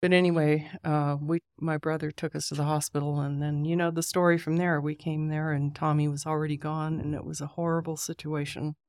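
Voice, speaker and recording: Halting middle-aged mother retelling events. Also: low voice, little pitch movement, darkish tone. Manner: halting storytelling full of "and he goes" and "uh". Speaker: interviewee, bereaved mother. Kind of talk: personal retelling.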